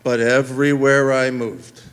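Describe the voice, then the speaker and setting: A man doing live stand-up, telling a story in an animated, conversational way with asides to the crowd. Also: mid-range voice, measured pace, clean tone. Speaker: stand-up comedian. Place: theater stage.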